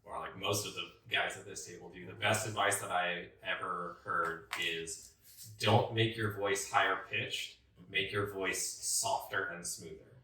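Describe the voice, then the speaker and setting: A man with a low, gravelly voice giving advice in a casual roundtable chat. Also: steady tone, unhurried, pushed and bright. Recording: very echoey room, distant mic.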